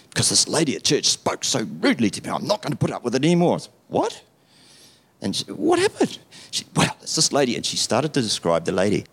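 Lively storytelling New pastor. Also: male voice, mid-range voice. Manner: storytelling, acts out the people in his stories. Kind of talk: sermon.

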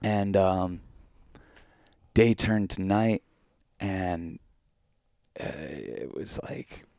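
A man co-hosting a podcast, telling a vivid dream in animated, casual chat full of fillers. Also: low voice, extremely slow, gravelly, no echo, clean studio sound. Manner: animated storytelling with many fillers. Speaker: podcast co-host.

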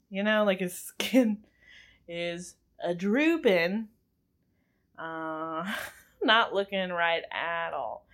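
A young woman casually recapping a film as a podcast host, chatty and giggly, rambling with lots of fillers. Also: mid-range voice. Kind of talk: casual chat.

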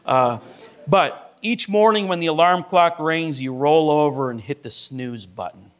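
A man's voice: a little high, unhurried, a bit bright. A middle-aged male pastor preaching a sermon, telling a story to illustrate his point and often checking in with "right?".

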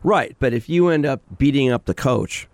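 A man's voice: medium pitch, normal speed, darkish tone, no echo. A man hosting a call-in radio show as a sport psychologist, direct and questioning as he gives advice.

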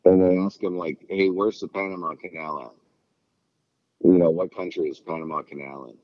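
A man's voice: deep voice, fairly even intonation, normal speed, dry recording, lo-fi sound. A middle-aged man chatting casually, rambling and swearing as he acts out quotes. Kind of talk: casual chat.

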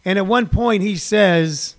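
A man in his sixties with a high voice, talking off the cuff on his daily livestream. He rambles and restarts his sentences, with lots of ums and uhs, in a loose, chatty monologue. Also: unhurried. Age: 60s. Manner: rambling storyteller with many fillers and restarts. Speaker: comedian hosting a daily livestream.

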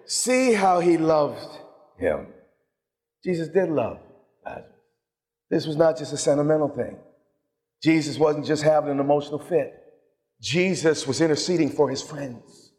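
A man's voice: fairly high pitch, darkish tone. A man preaching a sermon with emphatic passion, often stumbling and repeating words as he builds his points. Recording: long hall reverb.

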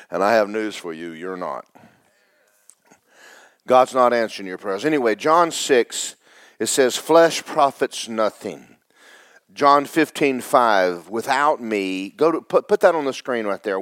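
Slow, dry-sounding preaching pastor. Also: male voice, mid-range voice, no room sound. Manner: swings from tearful whispers to loud preaching. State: tearful. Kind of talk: sermon.

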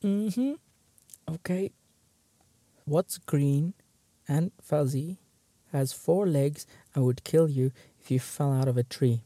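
A man's voice: fairly high pitch, slow, pauses often, dark tone, no echo. A man hosting his own show, reading out jokes one by one and trying hard not to laugh, muttering and stifling giggles between them. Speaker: host.

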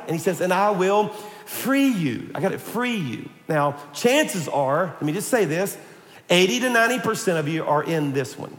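A man pastor delivering an energetic, animated sermon to his congregation, calling for amens. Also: high-pitched, moderate pace. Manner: energetic, animated preaching with call-and-response. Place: church sanctuary. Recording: echoey church hall.

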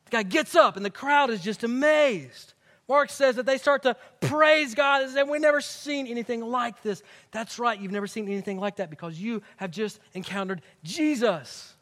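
A man preaching a sermon, animated and conversational, with casual slang, to a room of believers. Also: very high-pitched, moderate pace. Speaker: pastor. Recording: echoey hall.

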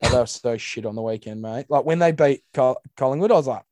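A man's voice: mid-range voice, fast talker, hardly any pauses, darkish tone, dry recording, clean studio sound. A young Australian man co-hosting a casual sports podcast, laid-back and sweary, calling everyone mate. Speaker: podcast co-host. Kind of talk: casual chat.

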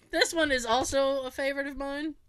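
A woman's voice: high voice, steady tone, normal speed, a bit bright. A woman hosting a show, chatting casually and reading out insults, giggling often between lines. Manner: cheerful and chatty, with frequent restarts and swearing. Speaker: show host.

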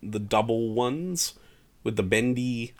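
A man's voice: mid-range voice, takes it slowly. A man in a casual chat as co-host, teasing and dry. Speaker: podcast co-host.

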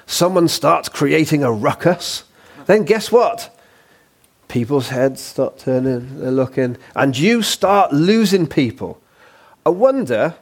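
Male preacher with a husky, slightly high voice, who preaches conversationally and drops in jokes. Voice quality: husky, lively and conversational, with playful asides. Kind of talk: sermon. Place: church.

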